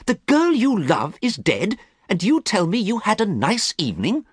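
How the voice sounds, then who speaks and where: A man voicing an anxious, earnest male painter in a high, strained, pleading tone, recorded close and dry. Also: wildly swooping pitch, normal speed, breathy edge, no echo, heavily acted. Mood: worried.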